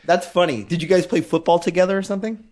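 A man co-hosting a comedy podcast in casual chat, playful and animated, slipping into mock announcements. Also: high-pitched, fast talker. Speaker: podcast co-host.

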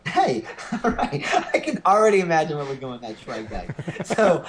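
A man's voice: a little high, sing-song, normal speed. A man co-hosting a comedy news podcast, joking irreverently and laughing often. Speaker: podcast co-host. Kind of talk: casual comedic chat.

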